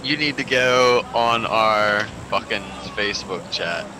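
A man's voice: fairly low pitch, slow pace, noisy background. A man in casual gaming chat, teasing his friends and swearing in disbelief. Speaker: gamer.

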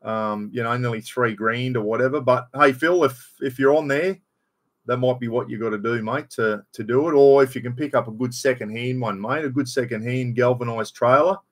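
A casual live stream hosted by an Australian man who speaks at a normal speed in a mid-range, slightly bright voice. He rambles like a mate, welcomes viewers by name and swears bluntly.

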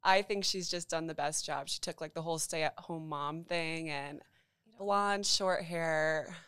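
A woman's voice: low voice, a little slow, fairly bright tone, clear, resonant tone, no room sound, clean studio sound. A young adult woman guest in a casual podcast chat, easygoing, laughing and trailing off mid-sentence. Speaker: account strategist, guest.

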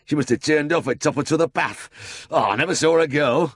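A man's voice: on the high side, a little fast, slightly rough, no room sound, clean studio sound, pitched above the performer's own voice. A man voicing a flustered drover with a Yorkshire accent, calling out breathlessly.

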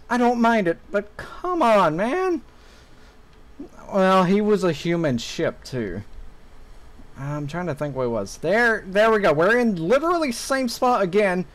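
A man's voice: sits high, poor audio. A young man commentating his own gameplay, talking to viewers and ranting with lots of swearing when things go wrong. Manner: frustrated ranting with heavy swearing. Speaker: gaming YouTuber.

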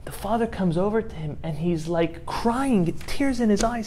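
A man, a rabbi, giving a sermon through a story, moving from quiet retelling to impassioned outbursts. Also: high-pitched, lively intonation, normal speed, few pauses. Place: synagogue.

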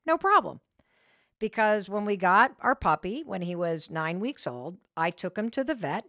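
A woman hosting a motivational podcast, telling a story about herself in an animated, candid way. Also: medium pitch, normal speed, no room sound, studio quality. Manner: animated storytelling with frank candor. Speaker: podcast host.

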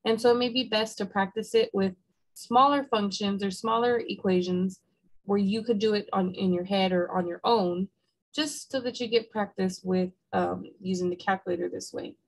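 A woman's voice: medium pitch, steady tone, moderate pace, rough recording. A woman math instructor giving a recorded lecture, explaining each step patiently and checking in with "okay?", and she has the hiccups.

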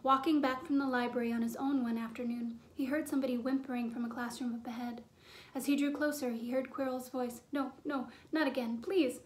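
A woman reading a children's storybook aloud in clear, steady narration. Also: a little high, brisk. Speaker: audiobook reader.

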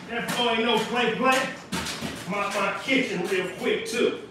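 A man's voice: very high voice, a little slow, noisy background. A man from California livestreaming from his home kitchen, ranting in a preachy, repetitive, emphatic way. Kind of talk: casual livestream rant. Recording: very echoey room, voice far off.

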